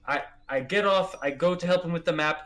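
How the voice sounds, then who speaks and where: Man voicing a defensive crossbow stranger, stammering, insistent, fairly high voice. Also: brisk, fairly bright tone, natural voice.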